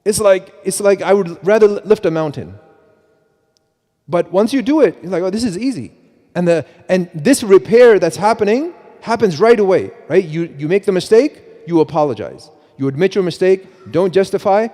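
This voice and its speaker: A middle-aged man giving a mosque talk on parenting, animated, with many restarts and repeats, often quoting himself. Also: high voice, normal speed. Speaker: preacher. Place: mosque hall. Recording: long hall reverb.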